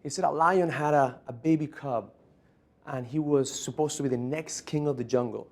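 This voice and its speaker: A man's voice: on the high side, moderate pace, a little mellow. A man giving a motivational conference keynote, telling stories emphatically. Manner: emphatic storytelling. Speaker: motivational speaker.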